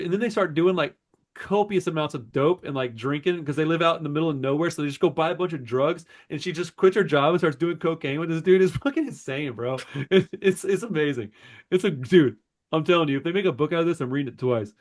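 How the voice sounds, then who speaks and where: A man with a fairly high voice tells a long story on a podcast in casual chat. He rambles in an animated way, swears freely and keeps tossing in "bro" and "dude.". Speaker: podcast co-host.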